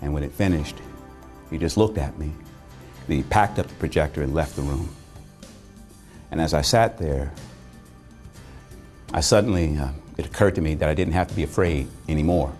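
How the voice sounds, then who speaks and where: A male motivational speaker telling a personal story in a dramatic speech, deliberate with rhythmic repetition. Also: rumbling low, darkish tone, faint music behind.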